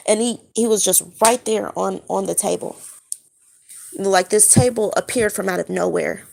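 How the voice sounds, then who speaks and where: Woman, just awake, slow halting delivery with fillers; gravelly vocal fry, dream-retelling vlog. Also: medium pitch, darkish tone. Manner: halting, searching for words, many fillers. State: just woken up. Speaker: spiritual vlogger. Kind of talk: casual monologue recounting a dream.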